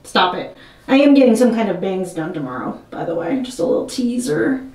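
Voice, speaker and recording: A woman's voice: medium pitch, big pitch swings, a little fast, dark tone. Nervous chatty woman vlogger, roomy sound. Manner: nervous, self-mocking, chatty. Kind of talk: casual talking to camera while cutting a wig. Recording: roomy and a bit distant from the mic.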